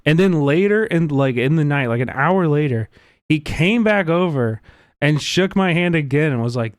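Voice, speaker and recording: A man's voice: on the high side, expressive, normal speed, no room sound, clean studio sound. Rambling, earnest young-sounding man streaming. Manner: rambling, many "like" fillers, earnest. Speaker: livestream host. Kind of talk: casual livestream talk.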